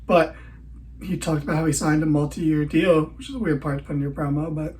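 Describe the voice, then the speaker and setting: A man's voice: on the high side, fairly even intonation, a little fast, darkish tone, a little hiss or hum, rough recording. A tired man hosting a podcast, giving a rambling, sarcastic recap of a wrestling show. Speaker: podcast host.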